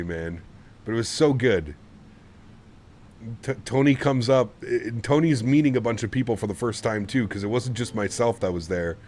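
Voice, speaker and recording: A man's voice: medium pitch, animated, unhurried, darkish tone, a little hiss or hum. A man streaming a flight simulator, chatting casually with his viewers in a rambling, easygoing way and laughing often. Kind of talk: casual livestream chat.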